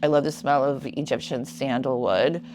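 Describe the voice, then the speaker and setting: A woman hosting a reflective self-help talk, guiding the listener in a playful, warm-hearted way. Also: a bass voice, moderate pace, slight background noise. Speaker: host.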